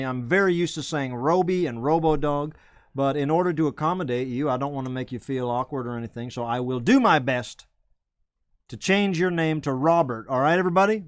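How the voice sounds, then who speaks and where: A man's voice: a little high, no echo, studio quality. Rambling hype-man comedian, man. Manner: rambling, self-correcting, salesman-like hype with asides. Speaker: host of a comedy web show. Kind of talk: rambling comedic live-stream chat.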